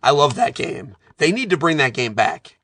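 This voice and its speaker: Man, 30s, animated casual storyteller; bright tone. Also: on the high side, normal speed. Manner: animated storyteller, self-described nerd. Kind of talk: casual chat.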